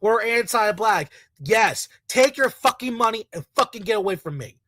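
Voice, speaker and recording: A fired-up vlogger delivering a swearing, repetitive rant straight to the audience. The voice sits at a middling pitch in a dry, close-up sound with almost no room around it. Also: animated, normal speed, a bit bright, no room sound. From Latino community in the United States. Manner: angry, profane, repetitive rant. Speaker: video creator. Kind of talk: heated ranting commentary.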